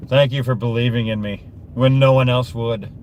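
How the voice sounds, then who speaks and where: A man's voice: medium pitch, fairly even intonation, moderate pace, darkish tone. A man livestreaming while driving through a town, chatting to his viewers and talking to himself in a self-amused way. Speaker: livestreaming vlogger. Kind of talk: casual live-stream chatter while driving. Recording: noisy car interior. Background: road and engine noise.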